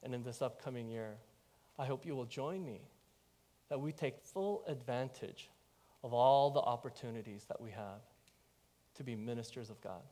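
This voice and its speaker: A man preaching a sermon as pastor, telling a personal story in an animated way and talking straight to the congregation. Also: medium pitch, moderate pace. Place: church.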